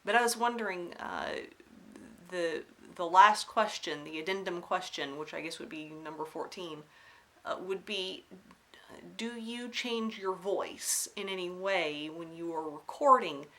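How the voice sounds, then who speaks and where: A woman with a mixed Alabama and North Carolina accent talks casually to her viewers from home. Her voice sits on the low side yet sounds bright and clear. She enunciates with care but rambles, restarts often, and softens her R's slightly. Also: measured pace. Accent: Southern US, mixed Alabama and North Carolina. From Southern United States (Alabama, then North Carolina). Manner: chatty and rambling, with many ums and restarts; careful enunciation. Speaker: cross-stitch vlogger. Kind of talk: casual chat to camera. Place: at home indoors.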